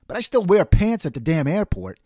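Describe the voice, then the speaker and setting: A man hosts a solo commentary, ranting and throwing out rhetorical questions. His fairly high voice swings widely up and down as he pushes each point. The sound is close and dry, with no room around it. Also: huge pitch swings, fairly quick, a little mellow, no room sound. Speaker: host.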